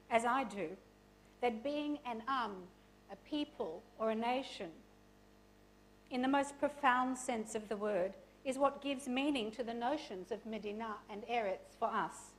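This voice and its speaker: A woman's voice: on the high side, slight background noise, low-quality recording. A woman hosting an event, reading a formal, earnest introduction of the guest speaker.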